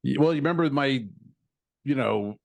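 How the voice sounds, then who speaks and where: A man co-hosting a comedy podcast, retelling a frustrating errand in an animated, swearing, storytelling way and acting out both sides of the exchange. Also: mid-range voice, moderate pace, creaky, no room sound. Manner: swears casually, laughs often. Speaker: podcast co-host.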